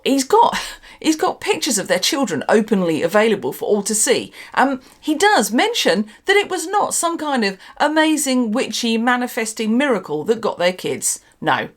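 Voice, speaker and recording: A woman hosting her own vlog, ranting in a sarcastic, exasperated way and swearing for emphasis. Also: on the high side. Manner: animated, emphatic delivery. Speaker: channel host.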